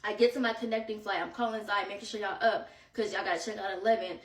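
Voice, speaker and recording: A woman telling a vacation story in casual storytime style, animated and slangy, slightly out of breath. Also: medium pitch, quick pace, far from the mic. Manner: animated, slangy, quoting friends in bursts. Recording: echoey room, voice set back from mic.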